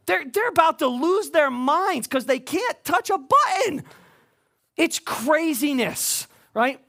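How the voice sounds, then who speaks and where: Lively, emphatic male preacher. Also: very high voice. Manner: emphatic, conversational preaching with frequent "right?" tags. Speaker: pastor. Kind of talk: sermon.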